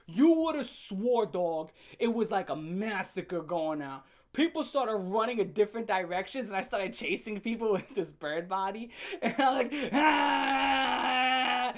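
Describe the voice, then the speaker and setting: A young man telling a funny story from his teen years in a casual, animated way, laughing often and swearing freely. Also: high voice. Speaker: storyteller host. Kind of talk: comedic storytime vlog.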